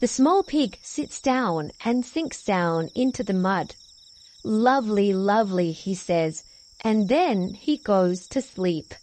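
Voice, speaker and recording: A woman reads a picture book aloud for small children, unhurried and clear. Her voice sits at a middle pitch, and she lifts it a little for the characters' lines. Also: sing-song, darkish tone, a little hiss or hum. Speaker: preschool teacher reading aloud. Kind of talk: children's read-along.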